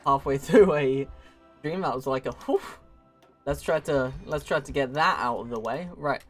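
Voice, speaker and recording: A man's voice: mid-range voice, moderate pace. Young male game streamer, casual and jokey, self-mocking asides, faint background music. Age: young adult. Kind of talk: casual gameplay commentary.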